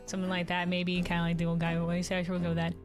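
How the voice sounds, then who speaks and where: A woman casually commenting while playing through a game, with quick chatty asides. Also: on the low side, completely flat delivery, over music. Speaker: streamer. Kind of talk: casual let's-play commentary.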